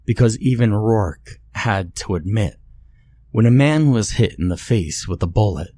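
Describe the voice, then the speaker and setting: A man narrating a scary story in a measured, scripted way. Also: low voice, mellow.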